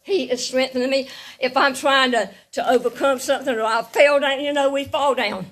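A woman's voice: sits high, steady tone, moderate pace, a bit bright, distant mic, poor audio. A woman giving a guest sermon, earnest and repetitive, often laughing lightly between her points. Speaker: guest speaker.

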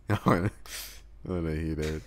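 A young man from Tennessee co-hosting a casual podcast, dropping laid-back, low-key remarks and laughing along. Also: steady tone, normal speed. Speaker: podcast co-host. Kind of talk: casual crude chat.

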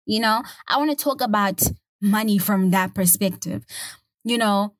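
Chatty young woman hosting a podcast. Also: mid-range voice. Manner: lively, slangy, chatty with quick asides. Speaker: podcast host. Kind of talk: casual podcast monologue.

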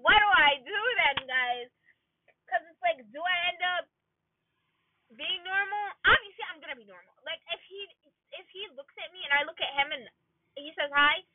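Sitting in her car, a vlogger in her twenties vents to her viewers in an emotional rant, at times close to tears. Her voice sits high, and she speaks upset in bursts, saying "like" often. The recording is dry with a tinny, phone-like sound.

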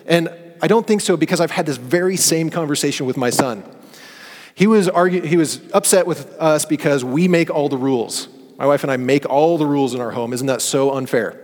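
A man's voice: medium pitch, animated, moderate pace. A man preaching a sermon, earnest and story-driven, acting out quoted dialogue. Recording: long hall reverb.

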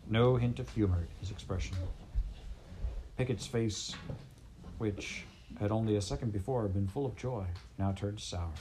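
A man reading a children's storybook aloud in a steady, measured way. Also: on the low side, slight background noise. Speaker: audiobook reader. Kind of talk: storybook narration.

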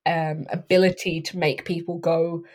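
A woman casually discussing a horror film, chatty, laughing often and filling pauses with ums. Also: lowish voice, flat delivery, a little mellow. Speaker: podcast co-host.

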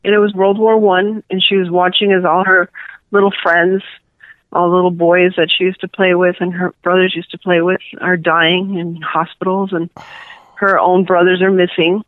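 A woman with a Cuban-New York accent, a guest author, telling a rambling, animated story in a casual interview. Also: on the low side, normal speed, no room sound. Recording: tinny phone line.

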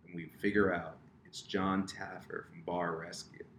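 A man's voice: low-pitched, flat delivery, moderate pace, fairly bright tone. A man telling a story on a casual podcast, self-mocking, acting out the lines of the people in it. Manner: self-mocking, acts out quoted dialogue. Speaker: podcast guest. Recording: roomy echo, faint room noise.

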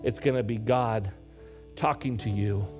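A man preaching as a pastor, moving between loud, animated emphasis and quiet, slow prayer. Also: on the low side, over music. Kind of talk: sermon.

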